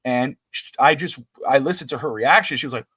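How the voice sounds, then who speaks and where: A man's voice: medium pitch, fairly quick, pushed and bright, breathy edge, dry recording. A middle-aged man co-hosting a wrestling podcast in casual chat, rambling and restarting his sentences. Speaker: podcast co-host.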